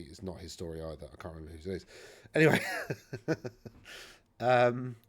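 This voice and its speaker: Brief: male host with a lowish voice, loose and chatty, lots of ums and self-corrections while breaking down tabletop lists. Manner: rambling, chatty, self-correcting with many fillers. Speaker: wargaming channel host. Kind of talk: casual commentary on tournament army lists.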